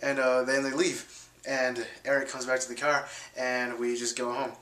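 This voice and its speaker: Rambling young man, bright roomy sound. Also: mid-range voice, flat delivery, moderate pace, a little hiss or hum. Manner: rambling, many fillers and restarts; acts out quotes in raised voices. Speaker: vlogger. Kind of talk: casual storytelling.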